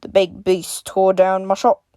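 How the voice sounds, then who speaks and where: A woman's voice: medium pitch, monotone, unhurried, mellow, dry recording, studio quality, natural voice. A woman voicing a friendly, chuckling male dumpling vendor who talks in an easygoing way.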